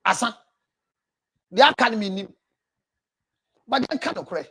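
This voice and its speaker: Animated scolding Ghanaian man. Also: sits high, unhurried, slightly rough. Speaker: counselor and show host. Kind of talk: livestream commentary reading viewer messages.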